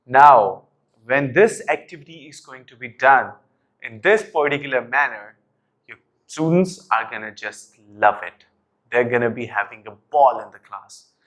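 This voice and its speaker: Slow, energetic male teacher trainer. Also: medium pitch. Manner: energetic, addresses viewers as "guys", asks and answers own questions. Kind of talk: classroom activity explanation.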